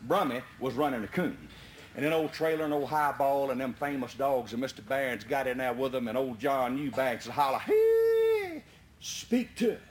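A man telling a folksy tall tale in an animated, chuckling way. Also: medium pitch, brisk. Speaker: storyteller. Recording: roomy echo, faint background noise.

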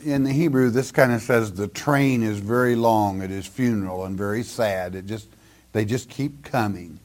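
An older man teaching a sermon verse by verse, reading scripture and then explaining it in plain, deliberate words. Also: fairly low pitch, a little mellow. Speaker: preacher.

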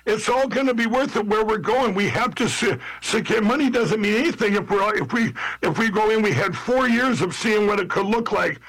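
A man's voice: sits high, normal speed, few pauses, a bit bright, low-quality recording. A man from Minnesota talking as a political candidate in an interview, rambling with frequent restarts and often calling out to everybody listening. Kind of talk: interview talk.

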